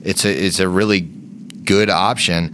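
A man's voice: low voice, steady tone, measured pace, a bit bright, slight background noise. A man co-hosting a tabletop gaming podcast and explaining how he runs his games, in loose casual chat with a lot of swearing. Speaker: podcast co-host and game master.

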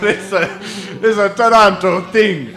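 A man's voice: high-pitched, extremely slow, bright, forceful tone, faint music behind, full character voice. A man playing a shy rapper groom who speaks hesitantly and giggles. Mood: sheepish. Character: bashful rapper groom faking an accent.

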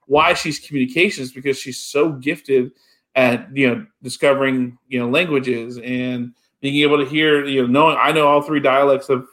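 A man's voice: medium pitch, steady tone, normal speed, a bit bright. A man talking casually about a film, with many fillers and restarts. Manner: rambling, full of "you know" fillers. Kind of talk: casual chat.

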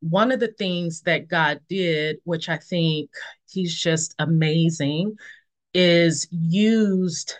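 A woman in her forties sharing a personal faith testimony in conversation, reflective and unhurried, pausing often with fillers. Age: 40s. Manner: reflective, acts out quoted friends with lively high voices. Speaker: podcast guest.

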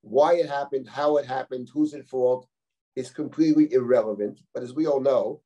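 Rabbi teaching scripture, middle-aged man, dark low-toned voice, talks it through like a chat, reads and translates Hebrew lines. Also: fairly even intonation, moderate pace, dull audio. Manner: reads Hebrew verses aloud and translates them line by line; conversational, explanatory, with rhetorical questions. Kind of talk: live text-study lecture.

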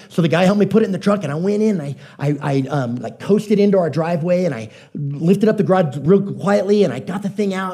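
A male pastor delivers a sermon with a soft, mellow tone sitting a bit above the usual male pitch. He talks to the congregation like a friend, telling stories and slipping in jokes and quick questions. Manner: conversational, joking storyteller addressing the congregation.

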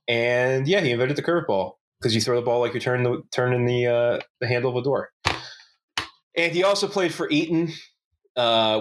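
A man's voice: mid-range voice, a bit bright. A man co-hosting a casual podcast, rambling and joking with lots of restarts and swearing. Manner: rambling, profane, many restarts and fillers, joking. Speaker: podcast co-host. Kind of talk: casual chat.

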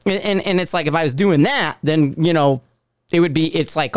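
A man's voice: a little high, normal speed, clear, resonant tone, no echo. Sarcastic ranting Northeastern US man. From Connecticut. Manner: profane, sarcastic, rambling. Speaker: podcast host. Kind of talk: ranting podcast monologue.

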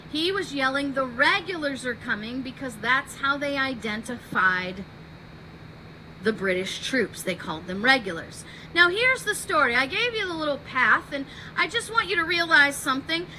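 A woman podcast host telling a history story in an animated way, acting out the quotes. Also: high-pitched, a little hiss or hum, rough recording.

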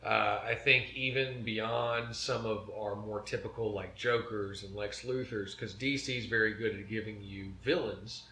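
A man's voice: lowish voice, fairly even intonation, a little slow, few pauses, sharp tone, a little hiss or hum. A man co-hosting a casual chat, enthusiastic and a bit hammy. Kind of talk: casual chat about comic-book movies. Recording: echoey room.

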